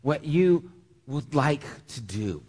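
A man's voice: medium pitch, big pitch swings, takes it slowly, darkish tone, slightly rough. A man preaching as pastor, earnest and heartfelt, often stammering and repeating words. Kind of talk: sermon. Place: church sanctuary. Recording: long reverb of a church hall.

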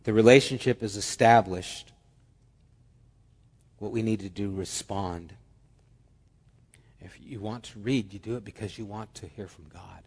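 A male pastor preaching a sermon, animated, swinging between loud emphasis and soft, hushed lines. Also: on the low side, measured pace, long pauses, slightly rough, long reverb tail.

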